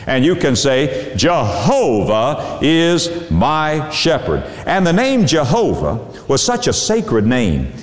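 A man preaching a sermon, leaning hard on single words and drawing them out. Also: medium pitch. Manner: emphatic, drawn-out stresses on single words. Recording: long hall reverb.

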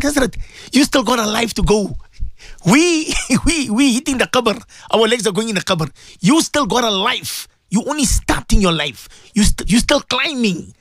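A man, hosting a radio talk show and retelling a story in an animated, repetitive way. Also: high-pitched, breathy edge, no room sound, studio quality. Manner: animated storyteller, repeats words and restarts.

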